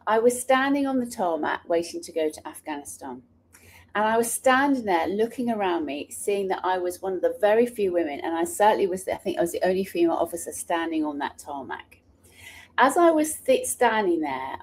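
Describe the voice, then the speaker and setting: A woman's voice: mid-range voice, darkish tone, a little hiss or hum. Earnest woman sharing personal stories. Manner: earnest, passionate, with frequent restarts. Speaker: author and speaker. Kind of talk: personal storytelling talk.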